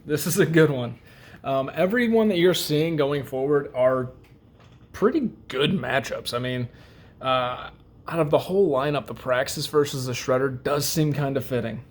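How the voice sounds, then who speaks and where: A young man hosting a casual knife review vlog, rambling with lots of fillers and joking at his own expense. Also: mid-range voice. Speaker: host.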